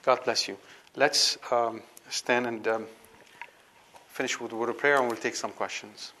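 A man's voice: medium pitch, steady tone, measured pace, bright, forceful tone, a little hiss or hum. A man giving a Bible study lecture to a class, emphatic and full of rhetorical questions.

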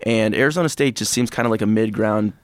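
A man co-hosting a casual sports podcast, jokey and quick to go off on rants. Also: on the low side, no room sound. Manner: animated, jokey, prone to rants. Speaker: podcast co-host. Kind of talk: casual sports betting chat.

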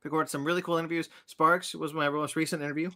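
A man in his thirties co-hosting a podcast, excitable and teasing as he runs through announcements. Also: a little high, quick pace. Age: 30s. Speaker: podcast co-host. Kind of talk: casual podcast chat.

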